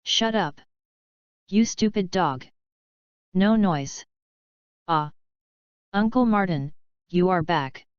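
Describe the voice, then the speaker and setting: A woman's voice: fairly low pitch, animated, slow, long pauses, smooth, no room sound. A woman reading a bossy little robot girl. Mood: scolding. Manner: scolding, then chirpy and polite. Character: young robot girl housekeeper, cheerful and bossy. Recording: dull lo-fi recording.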